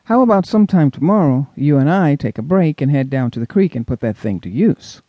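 A man's voice: a little high, animated, fairly quick, dry recording, lo-fi sound. A man voicing a patient young father, kind and reassuring. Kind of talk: audiobook character voice.

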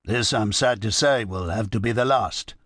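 A man's voice: fairly low pitch, normal speed, fairly bright tone, dry recording, clean studio sound. A man playing a talkative middle-aged barman with a wry, confiding manner.

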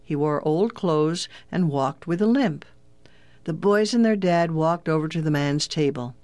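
Dry, even children's audiobook narrator. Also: mid-range voice, measured pace, no echo.

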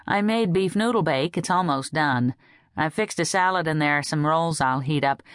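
A woman's voice: low voice, normal speed, no room sound, studio quality, close to an everyday voice. A woman narrator voicing a weary, wry middle-aged wife who is a little cross.

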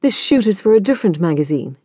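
A woman's voice: mid-range voice, big pitch swings, quick pace, warm tone, husky, dry recording, clean studio sound. A woman voicing a glamorous, vain mother who drawls condescendingly. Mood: cooing.

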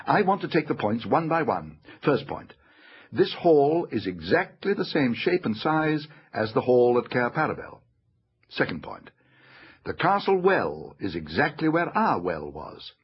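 A man's voice: mid-range voice, slightly rough, dull audio, pitched above the performer's own voice. A man voicing an earnest eldest boy who takes charge and reasons point by point, in an audiobook.

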